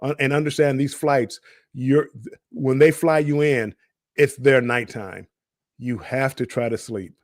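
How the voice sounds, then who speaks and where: A man's voice: mid-range voice, steady tone, unhurried, dry recording, clean studio sound. A middle-aged man co-hosting a live cruise chat, telling stories in a rambling way with many restarts and repeated words. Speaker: cruise show co-host. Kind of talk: casual live-stream chat.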